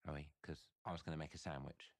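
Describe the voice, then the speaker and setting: Sardonic narrator. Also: male voice, extremely low pitch, fairly even intonation, quick pace, very noisy. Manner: dry, sarcastic, tag questions. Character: sardonic British male narrator mocking heroes. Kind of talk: game trailer narration. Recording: played from the stream with loud music.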